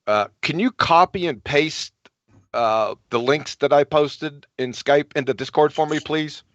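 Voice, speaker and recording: A man's voice: fairly high pitch, a little slow, a bit bright, dry recording. A man on a live online panel, making a casual, polite request. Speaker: panel member. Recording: dry muffled call audio.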